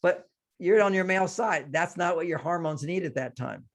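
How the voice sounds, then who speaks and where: A man's voice: sits high, normal speed. An older man, a relationship author, giving advice in a conversational interview and acting out example lines. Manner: explains with quoted example lines.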